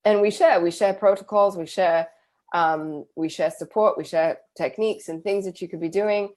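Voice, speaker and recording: A woman's voice: on the low side, moderate pace, darkish tone. A woman from England with a British accent, hosting a live Q&A stream and reading out viewer comments with enthusiasm. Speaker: host.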